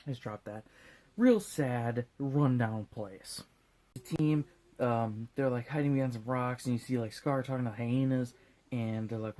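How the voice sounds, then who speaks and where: A man's voice: mid-range voice, a little slow, mellow. A drunk man hosting a comedic movie recap in a rambling, profane, jokey way. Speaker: host.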